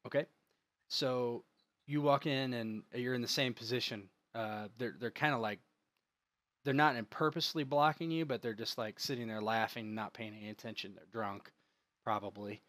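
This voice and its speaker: Casting note: game master, average-pitched man, rambling, dry close sound. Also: steady tone, moderate pace, fairly bright tone, no echo. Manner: rambling, with many fillers and restarts. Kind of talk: narrating a tabletop game.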